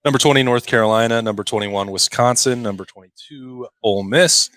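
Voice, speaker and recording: A man's voice: medium pitch, brisk, fairly bright tone, dry recording. A man co-hosting a casual sports podcast, reading out a list with dry jokes in between. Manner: dry joking, reads out a list. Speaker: podcast co-host.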